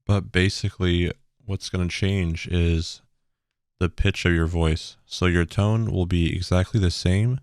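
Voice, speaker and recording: Deep, flat-voiced young man explaining settings. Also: smooth, dry recording, studio quality. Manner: relaxed, loose, with frequent ums. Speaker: streamer giving a tutorial. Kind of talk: casual tutorial explanation. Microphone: bass-heavy broadcast dynamic microphone.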